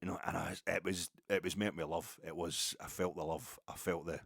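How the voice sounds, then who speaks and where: A man's voice: low voice, fairly even intonation, normal speed, gravelly, fairly bright tone, no echo, studio quality. A middle-aged Scottish man telling a rambling, self-mocking story on a podcast. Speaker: podcast host. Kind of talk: casual storytelling.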